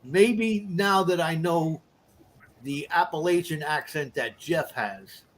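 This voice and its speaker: A man from New York chatting casually on a livestream, friendly and halting. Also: on the high side, a bit bright, a little hiss or hum. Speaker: livestream guest. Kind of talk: casual live chat.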